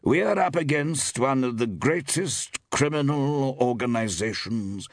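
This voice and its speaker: A man voicing a suave, urbane police chief in a story reading, speaking slowly and deliberately. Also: lowish voice, wildly swooping pitch, husky, dry recording, clean studio sound, full character voice. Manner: slow, measured, urbane.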